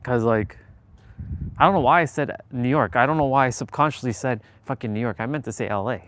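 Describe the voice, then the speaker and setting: A man from Southern California hosts a livestream in a mid-range voice that's a little fast and a bit bright. He chats casually and rambles, with lots of fillers and casual swearing. He's indoors, away from the city he's talking about.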